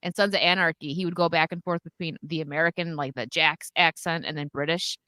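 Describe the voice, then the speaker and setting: Lower-voiced woman hosting a livestream. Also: fairly even intonation, fairly quick, pushed and bright, no echo. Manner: chatty, reads donations. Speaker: streamer host. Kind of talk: casual livestream chat.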